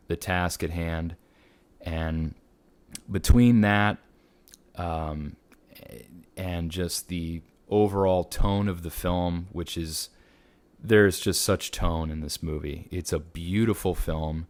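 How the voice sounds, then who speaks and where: Low-voiced male film reviewer, casual and rambling, dry recording. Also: no room sound. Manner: rambling, many fillers and restarts.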